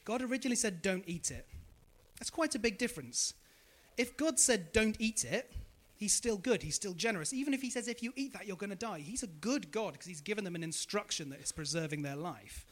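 A man's voice: high-pitched, animated, fairly quick. A man preaching a sermon, asking the congregation questions and repeating their answers back to them.

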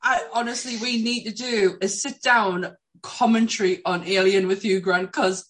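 A woman's voice: medium pitch, fairly even intonation, normal speed, a bit bright, low-quality recording. A woman chatting casually as host, giggly and enthusiastic. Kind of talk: casual chat.

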